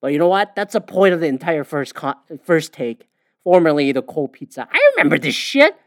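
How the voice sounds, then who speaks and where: A man's voice: fairly high pitch, big pitch swings, brisk, dry recording, studio quality. A man hosting a podcast, ranting casually about sports media, swearing often and filling gaps with "uh" and "you know". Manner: profane, ranting, with frequent fillers. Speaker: podcast host.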